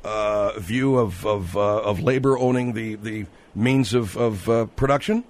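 A man hosting a call-in radio talk show, gruff and exasperated. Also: lowish voice, measured pace, a little mellow, slight background noise.

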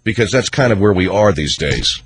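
A man hosting a call-in radio talk show, chatting in a sardonic, animated way. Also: low voice, normal speed, husky, dry recording.

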